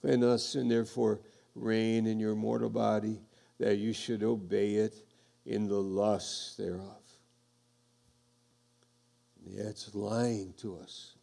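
A male pastor preaching a sermon, reading scripture aloud and building emphatically toward loud high points. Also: level tone, takes it slowly, vocal fry, long pauses. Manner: reads scripture aloud to the congregation.

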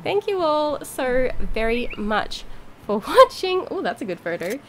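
Bubbly high-voiced gaming woman. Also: a little slow, slight background noise. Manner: gushing, excitable, swears mildly; bubbly, giggly. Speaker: gaming YouTuber. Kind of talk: casual gameplay commentary.

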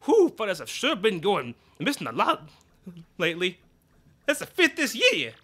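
A man voicing a folksy, loud male boss with a hearty country drawl. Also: high voice, wildly swooping pitch, moderate pace, pitched above the performer's own voice, exaggerated voice.

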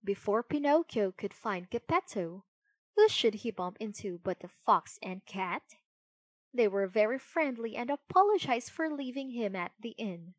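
A woman narrating a children's storybook in an expressive, unhurried way. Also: on the high side, no echo.

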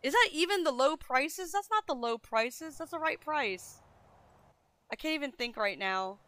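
A woman's voice: sits high, lively intonation, normal speed, a bit bright, no echo. A young woman streaming, talking casually to her chat, flustered and self-deprecating, swearing often as she vents. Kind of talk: casual livestream talk to chat.

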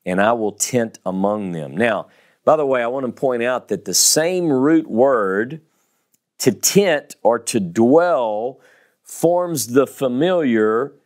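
Slow, emphatic Southern man teaching. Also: medium pitch, lively intonation, a little mellow. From American South. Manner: slow, emphatic, repeats key words. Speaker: Bible teacher. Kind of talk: Bible teaching lecture.

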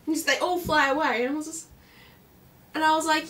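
A woman's voice: high voice, steady tone, fairly quick, pauses often, fairly bright tone, recorded from a distance, slight background noise. A teenage Australian girl in her bedroom, chatting in a rambling, bubbly way and acting out her stories. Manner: bubbly, rambling, acts out stories with silly voices. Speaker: vlogger. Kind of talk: casual vlog chat.

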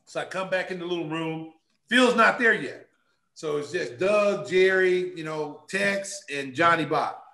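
A man in his fifties, a guest telling a casual anecdote, animated and laughing often as he acts out other people's lines. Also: on the high side, a little slow. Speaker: guest, former pro basketball player. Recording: roomy echo.

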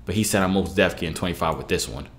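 A man's voice: low-pitched, racing, slight background noise. A young man hosting a reaction video, sounding unimpressed, complaining that nothing is funny and pleading with his viewers. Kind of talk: casual reaction commentary.

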